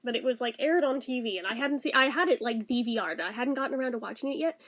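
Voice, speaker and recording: Woman, thirties, high voice, casual vlogger who tells a rambling story with lots of swearing. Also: expressive, fast. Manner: chatty, exasperated, swears and laughs often.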